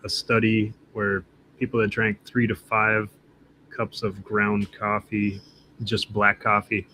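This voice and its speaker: A man's voice: on the low side, completely flat delivery, slow, bright, forceful tone, a little hiss or hum. A man hosting a casual podcast chat, easygoing and chiming in. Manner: easygoing, chimes in. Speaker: podcast host.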